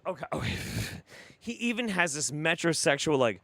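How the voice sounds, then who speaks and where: A man's voice: a little high, normal speed, no echo. A man ranting in profane fury while reacting to videos as a commentary streamer. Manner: profane, furious ranting, swings to mock calm.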